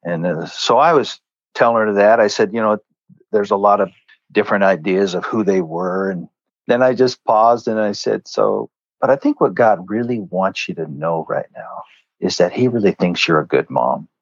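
Earnest male guest, lowish voice, dry muffled lo-fi sound. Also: normal speed, dry recording. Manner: earnest, conversational, acts out quoted lines. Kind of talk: storytelling in a faith interview.

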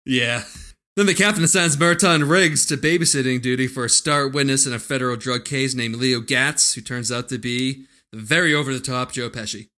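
A man's voice: mid-range voice, fairly quick, bright, forceful tone. A man co-hosting a casual movie podcast, joking crudely and recapping the plot. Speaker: podcast co-host.

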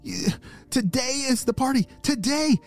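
A man's voice: extremely high pitch, lively intonation, a little slow, soft background music, voice pushed up, heavily acted. A man voicing an anxious young female lionfish, pleading and frantic.

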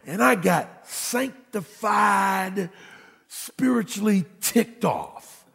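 A man preaching as a pastor, telling stories from his own family, who grows animated and nearly shouts at times. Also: sits high, slow pace, gravelly, slightly rough, long reverb tail. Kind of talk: sermon storytelling.

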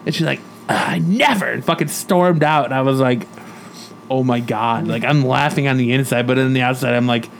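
A man's voice: medium pitch, fairly even intonation, fast, vocal fry, hardly any pauses. A rowdy man swaps crude stories on a casual podcast and laughs often. His voice sits in a middle range and his swearing is easygoing. A faint hiss of background noise runs under the talk. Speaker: podcast co-host. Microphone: studio mic in shared room.

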